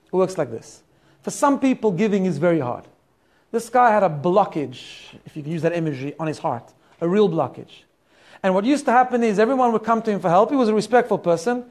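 A man voicing a revered old rabbi who explains things calmly and patiently in a quiet voice. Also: high-pitched, a little fast. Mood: calm, explaining. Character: revered old male rabbi, calm and wise.

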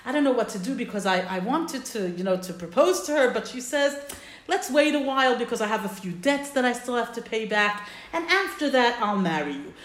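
Woman acting as a flustered eager groom, higher voice, roomy sound. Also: animated, fairly quick, natural voice. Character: eager rich young man, quick to anger.

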